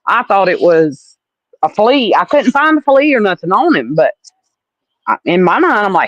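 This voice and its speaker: A woman's voice: mid-range voice, big pitch swings, moderate pace, dry recording, highs cut off. A woman from Alabama with a Southern accent, chatting with viewers on a casual livestream, blunt and salty, calling people honey. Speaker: livestream host.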